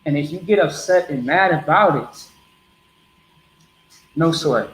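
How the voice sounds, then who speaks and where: A man's voice: a little high, measured pace, a bit bright, reverberant, rough recording. A man preaching bluntly to a group in a streetwise, repetitive way.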